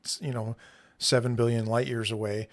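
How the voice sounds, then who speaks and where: A man hosting a podcast in casual chat, laughing often and pausing with many ums. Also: medium pitch, level tone. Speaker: podcast host.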